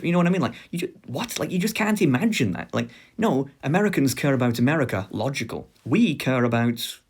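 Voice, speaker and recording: Sarcastic young british guy ranting in a lecture, bouncy pitch, trips over his words. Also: a little fast, few pauses, breathy edge. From Britain. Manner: sarcastic, animated, stammering restarts.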